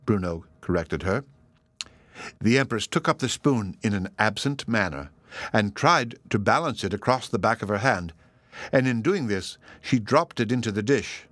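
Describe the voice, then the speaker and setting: Lively male audiobook narrator. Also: no echo. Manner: measured storytelling with lively pitch.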